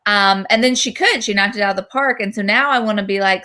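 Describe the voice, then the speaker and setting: A woman's voice: medium pitch, fast, hardly any pauses, pushed and bright. A woman co-hosting a film festival, chatty and rambling with enthusiasm. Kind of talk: casual chat.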